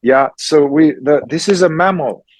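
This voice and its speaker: A man, a therapist and teacher answering questions in a slow, emphatic conversational way, often checking in with "yeah?". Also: fairly high pitch, no echo, low-quality recording. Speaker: somatic psychotherapist and teacher.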